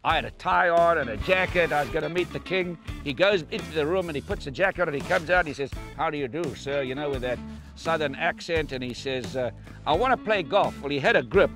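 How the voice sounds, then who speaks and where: A man in his eighties telling an animated anecdote, acting out the voices of the people in it. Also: fairly high pitch, fast talker, over music. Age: 80s. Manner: lively, acts out the quoted voices. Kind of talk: animated storytelling.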